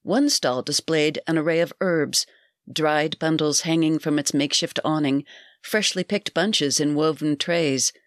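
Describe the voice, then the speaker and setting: A woman narrating a scripted story in a calm, measured reading voice. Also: deep voice, no echo, studio quality.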